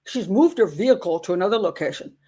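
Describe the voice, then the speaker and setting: A woman's voice: mid-range voice, animated, quick pace, warm tone, husky. An older woman, a grandmother, hosting a live chat and telling an indignant story with wry laughs. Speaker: host. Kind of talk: casual livestream chat.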